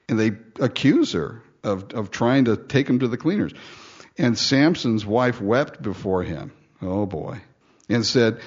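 A pastor preaches a sermon in a joking, animated way, acting out the story's lines in different voices. His voice is mid-range and his pace measured. The sound is dull and lo-fi.

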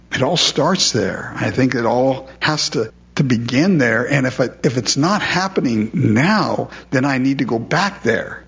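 A man's voice: mid-range voice, fairly bright tone, dull audio. A man preaching a sermon in a conversational way, asking his listeners questions and repeating words as he goes. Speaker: pastor.

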